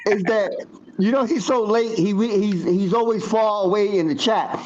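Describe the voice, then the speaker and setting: A man's voice: sits high, moderate pace, a little mellow. A man chatting casually and laughing on a live stream, slangy and easygoing. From Puerto Rico. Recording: dull lo-fi stream audio with faint hiss.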